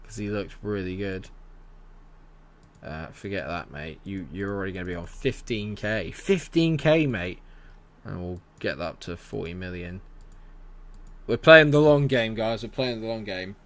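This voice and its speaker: A young man talks through a live game stream. His voice sits a bit low. He rambles cheerfully and breaks off to answer chat messages. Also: moderate pace. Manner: chatty, rambling, reads chat aloud and answers it. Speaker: gaming streamer. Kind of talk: casual live-stream commentary.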